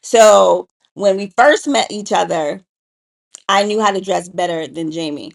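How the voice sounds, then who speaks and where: A woman with a slightly gravelly, fry-touched voice, chatting casually on a livestream with her partner. She teases him playfully and laughs easily, at a middling pitch. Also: a little slow. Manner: teasing, playful, laughs often. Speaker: co-host. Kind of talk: casual couple chat on a livestream.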